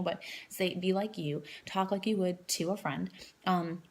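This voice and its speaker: A woman's voice: on the low side, steady tone, fast, a little mellow. A woman in her thirties giving a casual training talk to new coaches, rambling with lots of fillers and restarts.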